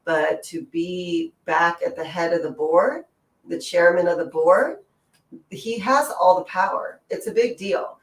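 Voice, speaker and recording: A co-host in a casual wrestling chat, emphatic and reacting quickly. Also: medium pitch, far from the mic. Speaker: podcast co-host. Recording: echoey room, off-mic.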